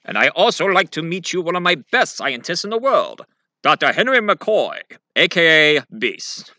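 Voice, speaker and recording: A formal, proud mutant school leader, as a man puts him on, speaks in a raised, lifted voice. The sound is very bright and dry, with the mic close. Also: a little high, very animated, normal speed, dry recording, pitched above the performer's own voice, exaggerated voice. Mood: eager. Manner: formal, introducing people.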